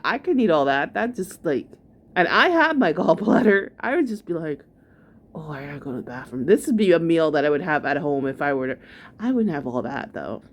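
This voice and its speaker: A woman giving chatty, gossipy reaction commentary on a video, full of "like" fillers. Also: fairly low pitch. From New York. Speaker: commentary vlogger.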